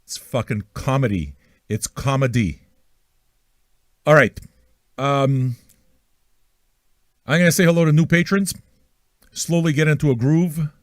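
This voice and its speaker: Speaking at medium pitch, a little slowly and with long pauses, a man runs a music radio livestream online. He rambles and swears while greeting listeners, joking crudely and poking fun at himself, in a clean studio recording with no room sound.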